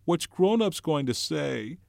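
A man voicing an anxious, fussy schoolboy with glasses, in a shrill, worried whine, in an audiobook reading. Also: expressive, measured pace, a little mellow, no echo, clean studio sound, close to an everyday voice. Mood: anxious urging. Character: anxious, fussy, bespectacled boy, careful and nagging.

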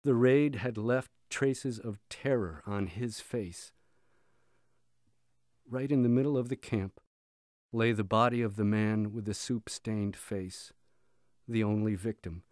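Guy reading a memoir aloud, lowish voice, steady pace, dry close sound. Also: slow pace, long pauses, no echo. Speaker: reader.

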